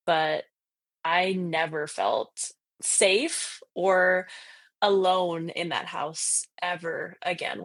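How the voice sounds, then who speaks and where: A woman in her thirties, a podcast guest, telling a story in lively casual chat, full of fillers and laughs. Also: on the low side, dry recording. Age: 30s. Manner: animated, lots of fillers and laughs, acts out quotes.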